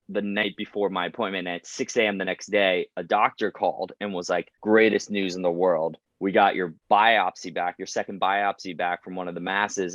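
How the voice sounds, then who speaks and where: Young guy, lowish voice, talks fast and animated with tons of "like", dry slightly dull podcast sound. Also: no room sound. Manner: animated, acts out quoted voices, lots of "like". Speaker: podcast guest. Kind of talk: candid storytelling interview.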